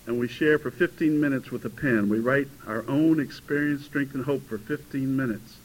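A man in his fifties telling his recovery story to a meeting, animated and given to sudden loud outbursts. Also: fairly high pitch, rough recording. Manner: animated storytelling, bursts into shouting. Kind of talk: personal testimony to a meeting. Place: meeting hall before a live audience.

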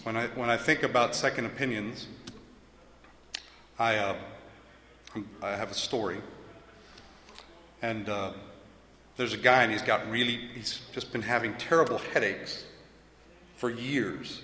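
A man speaks in a halting, searching way at a recovery meeting, often stumbling over his words and starting sentences again. His voice is bright and forceful. It rings out through a large, echoey hall with a long reverb tail. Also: mid-range voice, slight background noise. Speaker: member sharing at a recovery meeting. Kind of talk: personal share with a told joke.

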